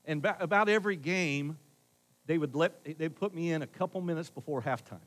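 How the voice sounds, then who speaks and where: A middle-aged pastor preaches a sermon in a conversational style, swinging from loud emphasis to hushed asides. His voice is a little high and his pace brisk, captured in a rough recording.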